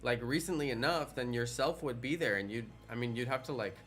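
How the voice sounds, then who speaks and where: Male game streamer, mid-pitched, bright, rambling casual banter with viewers. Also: brisk, faint music behind. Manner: rambling, playful, chatting with viewers. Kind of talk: casual live stream chat.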